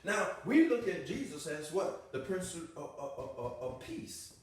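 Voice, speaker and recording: An American man preaching with fervent emphasis, hammering phrases again and again and rising from murmurs to booming calls. His voice sits a bit high for a man. He is picked up from well back in a very reverberant room. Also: sing-song, unhurried. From United States. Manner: emphatic, repeats key phrases, swings between quiet and booming. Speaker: religious teacher. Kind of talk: impassioned sermon-style teaching. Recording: echoey room, voice far from the mic.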